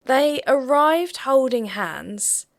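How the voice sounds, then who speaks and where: A woman co-hosting a casual reality TV reaction chat, recapping scenes in a measured, observant way. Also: sits high, very animated.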